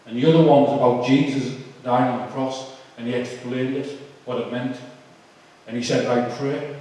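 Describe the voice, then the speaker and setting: Man, emotional testimony with halting delivery and fillers; recorded far off in a big, echoey hall. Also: mid-range voice, fairly even intonation, mellow. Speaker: speaker giving a testimony. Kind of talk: personal testimony talk.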